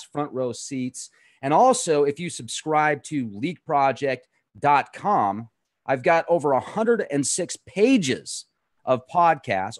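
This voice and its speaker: A man's voice: mid-range voice, no room sound. Upbeat podcast host man, dry sound. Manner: upbeat, promotional. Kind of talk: casual podcast sign-off.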